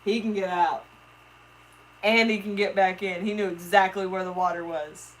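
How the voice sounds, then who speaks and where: A woman hosting a live stream, chatting excitedly with viewers and talking to her fish. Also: medium pitch, moderate pace, poor audio.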